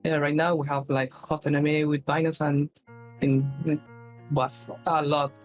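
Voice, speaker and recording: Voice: mid-range voice, flat delivery, measured pace, soft background music. A guest developer on a livestream interview, speaking hesitantly and repeating words.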